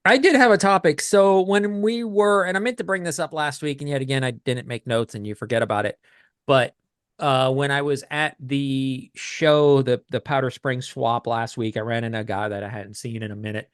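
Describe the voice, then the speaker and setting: A man co-hosting a collecting podcast, chatting casually in a rambling, halting way with many restarts. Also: medium pitch, fairly even intonation, smooth, no room sound, studio quality. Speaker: podcast co-host. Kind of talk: casual chat.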